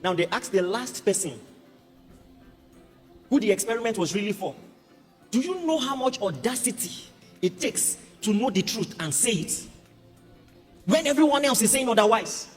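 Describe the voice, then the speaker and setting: A man preaching a sermon as a pastor, animated and humorous. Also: high-pitched, moderate pace, long pauses. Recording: reverberant hall with music behind.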